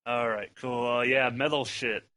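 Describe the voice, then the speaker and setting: A man's voice: medium pitch, fairly even intonation, unhurried, bright, forceful tone. A man co-hosting a fan podcast in casual, rambling chat, full of swearing and restarts. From US Midwest. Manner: rambling, profane, laughs often. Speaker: primary podcast co-host.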